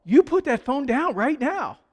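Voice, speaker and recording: A man's voice: extremely high pitch, sing-song, unhurried, voice pushed up, exaggerated voice. A man voicing a proud, bossy female bed-and-breakfast hostess who insists and scolds. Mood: scolding. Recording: long hall reverb.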